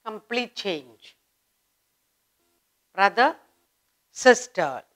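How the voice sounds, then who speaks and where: A woman with an Indian English accent teaching a beginner grammar lesson, slowly repeating word pairs with emphasis. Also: medium pitch, animated. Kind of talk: slow classroom grammar lesson.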